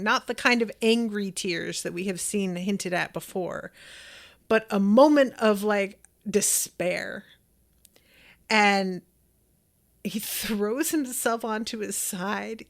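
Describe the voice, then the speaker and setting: A woman's voice: medium pitch, slow, gravelly. A woman hosting a podcast, chatting enthusiastically as she reacts to an episode and reads out listener comments. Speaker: podcast host.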